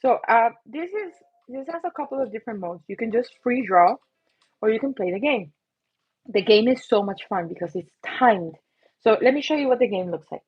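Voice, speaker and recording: A woman's voice: fairly high pitch, lively intonation, moderate pace, slightly rough, lo-fi sound. A woman hosting a casual livestream, chatty and self-mocking as she talks through an itchy, coughing throat. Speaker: livestream host and app creator.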